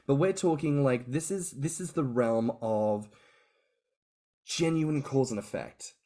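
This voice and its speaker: A man co-hosting a podcast, telling stories in an animated way, swearing and laughing freely. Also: mid-range voice, measured pace. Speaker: podcast co-host. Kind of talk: casual podcast chat.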